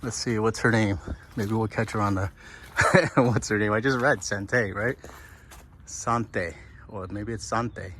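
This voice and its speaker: A man chats to the camera about boat work at an easy, unhurried pace. He sounds keenly enthusiastic. A faint hum of outdoor noise sits behind him. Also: on the low side, steady tone, a bit bright. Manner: chatty and enthusiastic, talks straight to viewers. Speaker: boating vlogger. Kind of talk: casual on-camera commentary.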